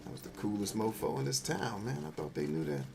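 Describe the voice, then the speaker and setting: A man's voice: lowish voice, big pitch swings, quick pace, vocal fry. Guy doing let's-play commentary, slangy and jokey, keeps riffing on the game, faint music under it. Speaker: gaming video host.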